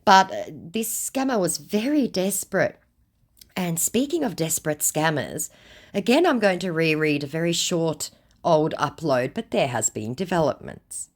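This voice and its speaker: Sardonic woman host, animated pitch, unimpressed. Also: unhurried. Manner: mocking, exasperated. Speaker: channel host. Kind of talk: sarcastic chat reading.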